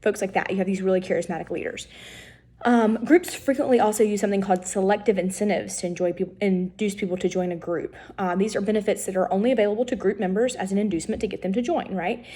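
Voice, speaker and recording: A woman talks through a political science lecture in a warm, mellow voice. She explains steadily, often pausing on "um" and correcting herself mid-sentence. Her pitch sits in an ordinary middle range. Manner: explanatory, frequent ums and self-corrections.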